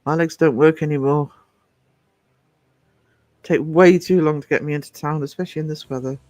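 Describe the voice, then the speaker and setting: A man with a fairly high, fairly even voice hosts a casual livestream, rambling, chatting and cutting himself off as he greets viewers by name. He talks at a moderate pace, his tone a little mellow, and the recording is dry.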